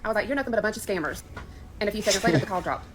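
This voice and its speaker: Rapid-fire woman telling her scam story, annoyed and lively. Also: medium pitch, background noise. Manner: animated, frustrated retelling. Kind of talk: casual storytime.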